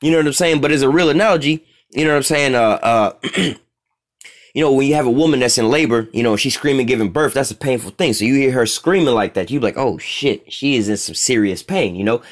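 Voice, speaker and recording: A man's voice: medium pitch, quick pace. A man teaching scripture in a loose street style, profane and rambling, constantly checking in with "all right?".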